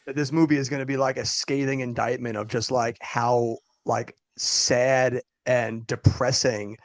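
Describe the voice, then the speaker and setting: A man co-hosting a movie podcast in casual, animated chat, often laughing. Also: medium pitch, a little slow. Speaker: podcast co-host.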